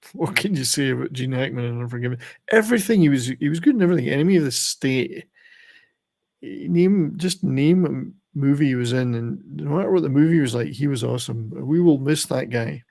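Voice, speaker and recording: An older man talks through a relaxed live stream in a meandering, chatty way, often chuckling at his own jokes. His voice sits at an ordinary middle pitch with a gravelly, creaky edge. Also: brisk. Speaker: channel host. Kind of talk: casual live-stream chat.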